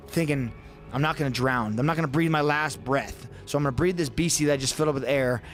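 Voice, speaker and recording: A man on a podcast retelling a frightening survival story, reenacting his own panic with intense energy. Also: mid-range voice. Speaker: podcast guest. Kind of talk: dramatic storytelling.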